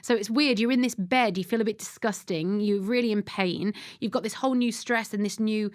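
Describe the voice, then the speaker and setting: A woman in her thirties, a podcast guest, telling a candid personal story in a lively, self-deprecating way and acting out what people said. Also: medium pitch, fairly quick. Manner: animated, acts out quoted speech, self-deprecating humour. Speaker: podcast guest, radio and TV presenter.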